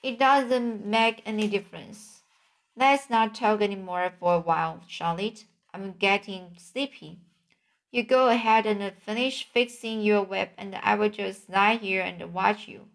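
A woman's voice: mid-range voice, a little slow, creaky. A woman voicing a timid young male pig in a storybook, anxious and pleading.

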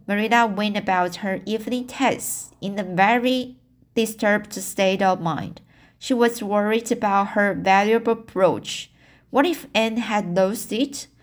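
A woman narrating a classic novel as an audiobook, plain and unhurried with small slips. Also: mid-range voice. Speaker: audiobook reader.

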